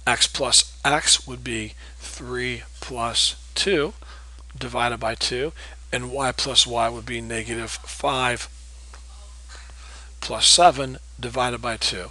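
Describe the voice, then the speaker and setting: A man's voice: medium pitch, fairly even intonation, slow pace, pushed and bright, low-quality recording. A man teaching a recorded geometry lesson, patiently walking through problems and checking in with "okay?". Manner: patient, repeats key points with checks like "okay?". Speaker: math teacher.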